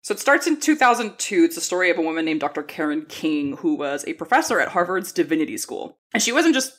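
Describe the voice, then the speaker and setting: A woman from Mexico co-hosting a casual book podcast, chatty and quick to laugh. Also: fairly low pitch, very animated. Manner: chatty, laughs often, many fillers. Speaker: podcast co-host.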